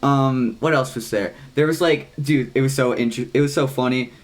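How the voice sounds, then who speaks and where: A young man co-hosting a podcast. He tells a long, rambling story in casual chat, swearing freely and saying "like" constantly, with excited jumps in pitch. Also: normal speed. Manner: rambling, heavy use of "like", frequent swearing. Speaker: podcast co-host.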